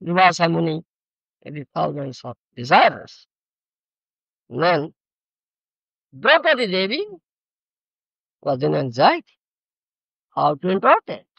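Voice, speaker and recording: A man's voice: a little high, sing-song, slow, gravelly, pauses often, fairly bright tone, dry recording. An older man with an Odia accent giving a sermon, often checking that his listeners understand and explaining words. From Odisha, India. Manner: keeps checking "you understand?"; explains terms. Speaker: spiritual teacher. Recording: dull lo-fi archive recording.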